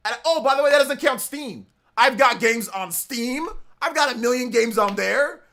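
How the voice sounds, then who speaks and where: A man hosting a casual gaming live stream, excitable, repeating himself and laughing at himself as he talks. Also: very high voice, normal speed, soft background music.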